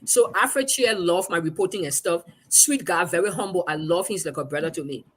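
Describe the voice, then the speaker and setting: A woman's voice: lowish voice, fairly quick, husky. A woman journalist with a Liberian English accent, telling a story in conversation and acting out the quoted voices. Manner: animated, acts out quoted speech. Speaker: journalist guest.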